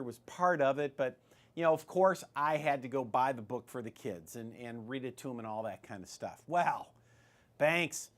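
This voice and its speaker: A man hosting a show on retirement investing, talking in a chatty, rambling way with many fillers and restarts. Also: fairly high pitch. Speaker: financial advice show host. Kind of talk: casual retirement-investing advice talk.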